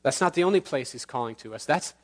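A man preaching from the pulpit in an earnest, medium-pitched voice. He slows down on key words and lets his voice drop into quiet pauses. He leads the congregation in prayer at the close. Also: lively intonation. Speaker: pastor. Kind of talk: sermon. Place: church sanctuary.

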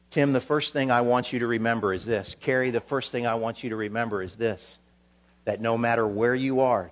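A man preaching a sermon, charging a young preacher, swinging from quiet, solemn passages to loud, emphatic ones. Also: lowish voice. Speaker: pastor.

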